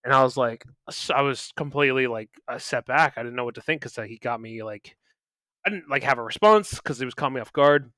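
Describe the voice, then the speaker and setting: Smooth, bright man rambling through anecdotes. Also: mid-range voice, fairly quick, dry recording. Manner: rambling anecdotes, filler-heavy. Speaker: podcast co-host. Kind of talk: casual chat.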